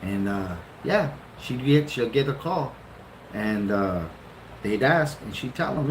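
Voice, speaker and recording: A man in his fifties tells the story of meeting his wife in a loose, animated way, acting out his own reactions and swearing freely. The room is roomy and echoey, with steady background noise. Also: on the low side, measured pace. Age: 50s. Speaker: husband telling how the couple met. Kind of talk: casual storytelling.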